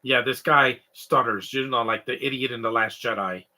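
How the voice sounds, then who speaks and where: A young adult man from Canada, co-hosting a live stream in rambling, animated comedic chat. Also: mid-range voice, moderate pace. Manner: rambling, animated, mimics stutters and sobbing noises.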